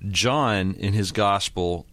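A man in his forties co-hosting a casual Bible discussion, explaining his points in a measured way. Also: deep voice, a bit bright, dry recording. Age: 40s. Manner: measured, explanatory, agrees often. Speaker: co-host.

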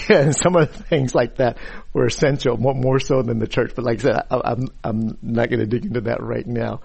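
Male preacher at a middle pitch, teaching scripture in a halting way that keeps repeating itself. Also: creaky, highs cut off. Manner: many repeated words and restarts, stressed key words. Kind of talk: sermon-style Bible teaching. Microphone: uses a pointer and slides.

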